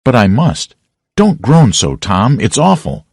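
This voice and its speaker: A man's voice: medium pitch, wildly swooping pitch, a little slow, a little mellow, breathy edge, no room sound, studio quality, heavily acted. A man reading an audiobook, voicing an anxious young boy who pleads for help. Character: frightened boy, younger brother.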